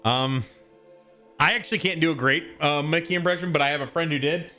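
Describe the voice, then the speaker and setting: A streamer chatting live with viewers, excitable, swearing and laughing often. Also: mid-range voice, a little fast, faint music behind.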